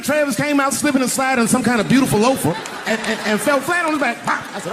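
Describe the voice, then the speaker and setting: Extremely high-pitched and sing-song, this older comedian races through a profane stand-up story, voicing each character himself. He works a handheld stage mic in an arena, and the live recording carries crowd noise and laughter.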